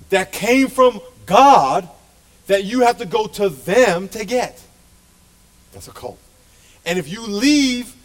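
Middle-aged man, pastor, passionate sermon, high voice, church. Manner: passionate, emphatic preaching. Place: church sanctuary.

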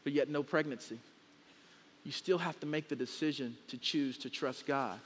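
A man's voice: medium pitch, normal speed, slight background noise. A man preaching a sermon as a guest pastor, speaking emphatically and stretching words out to drive his point home. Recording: long hall reverb.

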